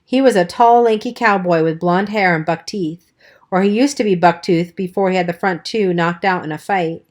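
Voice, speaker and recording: A woman reading a novel aloud as an audiobook narrator, in a steady storytelling manner. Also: lowish voice, moderate pace. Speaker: audiobook reader. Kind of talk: scripted narration.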